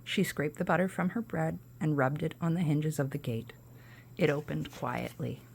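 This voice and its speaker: Brief: woman host narrating a kids' story, low voice with a gravelly edge, casual asides. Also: fairly even intonation, moderate pace, a little mellow, a little hiss or hum. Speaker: podcast host. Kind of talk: reading a children's storybook aloud.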